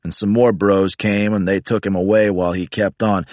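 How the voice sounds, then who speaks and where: A low-voiced man narrates a first-person story in a flat, matter-of-fact tone, swearing casually. The recording is dry and close, with no room sound around him. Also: moderate pace, hardly any pauses, no room sound.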